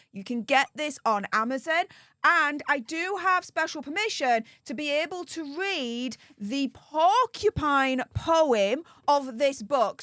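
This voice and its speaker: Young Yorkshire woman, high voice, chatty live streamer, dry close sound. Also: a bit bright, no room sound. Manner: chatty and upbeat, thanking supporters by name. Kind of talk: casual live-stream chat.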